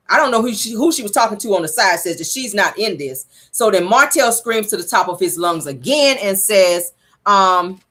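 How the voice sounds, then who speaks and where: A woman's voice: medium pitch, a bit bright. A woman hosting a casual reality TV recap, telling the story to viewers and calling them y'all.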